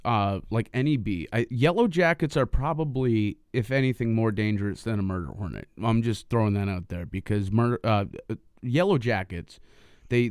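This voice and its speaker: Low smooth guy rambling on a podcast, lots of ums, dry close sound. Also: a little mellow, no echo. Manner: rambling, filler-heavy, laughs easily. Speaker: podcast co-host. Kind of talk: casual podcast chat.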